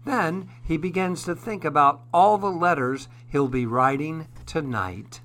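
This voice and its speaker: A man narrating a children's story in a gentle, expressive way. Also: fairly high pitch, unhurried.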